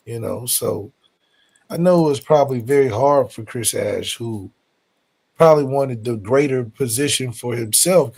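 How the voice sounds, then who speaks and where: Male podcast host, medium pitch; dry, deadpan trolling delivery. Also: gravelly, slightly rough. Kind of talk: casual sports banter.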